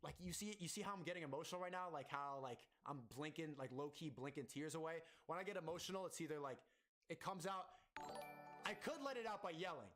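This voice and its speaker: A man's voice: a little high, fast talker, a bit bright, faint music behind. Rambling, emotional male streamer. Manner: emotional, rambling, filler-heavy. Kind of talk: casual stream talk.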